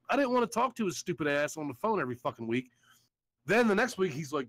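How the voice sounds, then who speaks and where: Profane ranting man with a lively voice. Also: fairly high pitch, fast talker, no echo, rough recording. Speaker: show host. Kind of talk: casual livestream chat.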